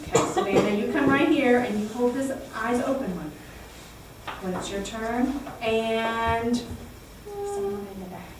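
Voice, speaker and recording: A woman teaching children a Bible story, animated and exclaiming, coaxing the children to repeat lines after her. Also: on the high side, measured pace, a loud crowd. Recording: echoey room, heard from far off.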